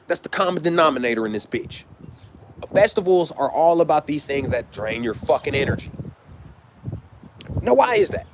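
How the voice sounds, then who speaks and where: Man, rambling profane monologue, mid pitch, faint street noise. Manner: profane, rambling, lecturing with rhetorical questions. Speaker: online commentator. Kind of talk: casual monologue to camera.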